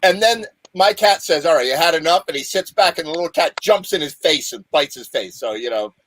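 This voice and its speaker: A man's voice: on the high side, lively intonation, brisk, a bit bright, a little hiss or hum, low-quality recording. A man hosting a live video show from a home green-screen setup, rambling through jokey stories. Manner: joking, rambling storyteller. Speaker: show host. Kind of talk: casual chat on a live video call.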